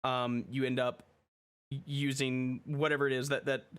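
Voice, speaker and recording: A man's voice: medium pitch, level tone, moderate pace, clean tone. A man hosting a casual podcast chat, rambling with lots of fillers and restarts. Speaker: podcast host.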